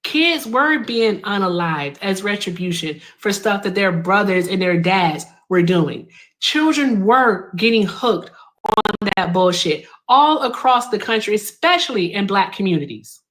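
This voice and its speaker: Blunt, combative young woman host in a heated debate, animated delivery. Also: mid-range voice, measured pace. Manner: combative, blunt, cuts in with commands.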